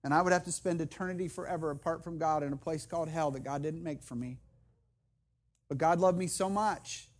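Brief: middle-aged male pastor, high voice, impassioned sermon, rising repeated calls. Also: a little fast. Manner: impassioned, builds to loud emphatic repetition; earnest, personal storytelling with restarts.

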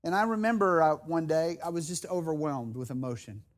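A middle-aged man preaching a sermon as pastor, earnest and personal, building to loud emphatic repetition. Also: on the high side, brisk. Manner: earnest, personal storytelling with restarts.

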